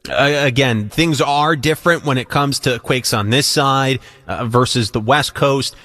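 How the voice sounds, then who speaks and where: New radio anchor, male, steady studio read with the odd "uh". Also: mid-range voice. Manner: measured delivery with frequent uh fillers. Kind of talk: live news anchoring.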